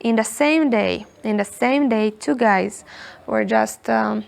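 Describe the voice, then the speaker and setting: Gravelly-voiced woman telling a story. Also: a little high, takes it slowly. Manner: animated, repeats words, frequent "you know". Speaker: guest. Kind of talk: casual storytelling in English. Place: hostel.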